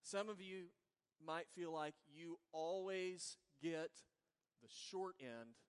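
A man preaching a sermon with a slightly raised voice, swinging from quiet, lingering words to firm emphasis. His voice carries a long reverb, like a big church sanctuary. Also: a little high, takes it slowly, clean tone. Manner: earnest preaching, swings between soft and emphatic. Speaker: pastor. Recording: long reverb of a large hall.

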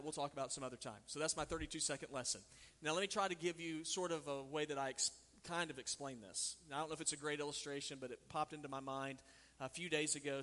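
A man's voice: a little high, bright, forceful tone. A man from Texas preaching a sermon as pastor, telling stories in a conversational way and asking the congregation questions. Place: church sanctuary. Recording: reverberant hall.

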